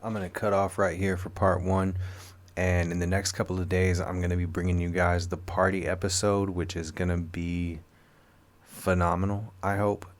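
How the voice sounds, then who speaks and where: Host, deep male voice, laid-back outro delivery. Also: little pitch movement, normal speed. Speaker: podcast host. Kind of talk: casual episode wrap-up.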